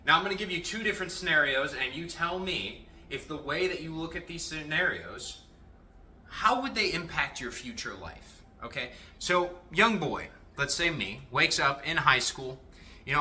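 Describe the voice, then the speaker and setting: A man talks straight to his viewers in a casual motivational monologue, swearing freely as he goes. His voice is bright and sharp, and it swings widely up and down in pitch. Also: normal speed. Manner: animated, profane, addresses viewers directly. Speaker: self-improvement vlogger.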